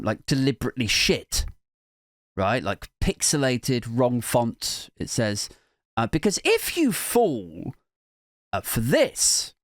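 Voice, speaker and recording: A man's voice: a bit bright, no room sound. Sarcastic guy ranting on his podcast, voice jumps all over, dry close mic. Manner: sarcastic, rambling, swings between high mock outrage and low mutters. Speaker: podcast host. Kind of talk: satirical comedy monologue.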